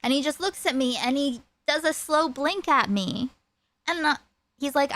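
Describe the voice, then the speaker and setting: A woman streamer telling a personal story in a rambling, animated way. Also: high-pitched, moderate pace, no room sound. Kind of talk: casual storytime chat.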